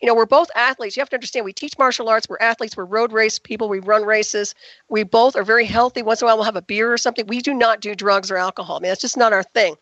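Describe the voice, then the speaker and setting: A woman with a slightly high voice talks very fast as a guest on a radio interview. Her delivery is emphatic and indignant. The recording is dull and lo-fi, with a dry, close sound. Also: steady tone, fairly bright tone, dry recording.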